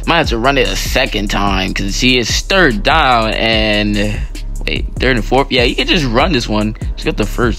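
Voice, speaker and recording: A man giving excitable, slangy live commentary while playing an online football game, pleading with his teammates. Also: medium pitch. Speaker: gaming channel host.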